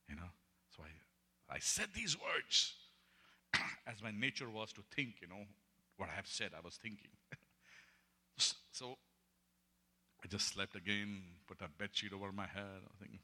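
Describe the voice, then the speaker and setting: A man from India preaches a personal testimony with animated storytelling. His voice sits low but sounds bright and forceful. A long hall reverb trails each phrase. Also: normal speed, long pauses, slightly rough. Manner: animated storytelling, laughs often. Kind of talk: sermon testimony.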